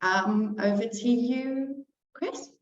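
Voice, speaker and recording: A woman from Zimbabwe co-presenting on a webinar over a video call, soft-spoken and giggling between phrases. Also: fairly high pitch, slow pace, crowd noise. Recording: echoey, dull, faint noise.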